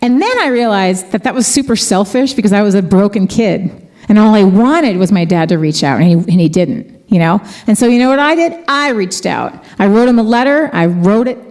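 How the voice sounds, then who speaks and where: A middle-aged woman worship leader telling a heartfelt story between songs at a church concert, chatty and quick to laugh. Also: medium pitch, expressive, a little mellow. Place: church event space.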